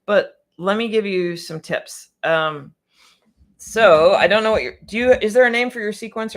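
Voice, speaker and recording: A woman's voice: fairly low pitch, gravelly. A woman piano technician answering viewer questions on a casual livestream, chatty and a bit scattered, with frequent restarts and laughter.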